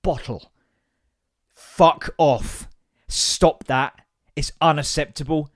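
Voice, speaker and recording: A man's voice: mid-range voice, fairly quick, no room sound, studio quality. Sweary exasperated man ranting. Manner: sweary, exasperated, animated with put-on voices. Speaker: podcast host. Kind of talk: comic rant.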